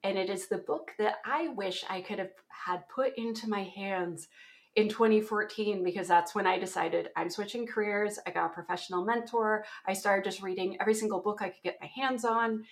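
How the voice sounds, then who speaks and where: A woman's voice: medium pitch, moderate pace. Canadian woman guest, 40s, chatty storyteller who laughs a lot. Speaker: guest, application security author. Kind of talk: casual interview chat.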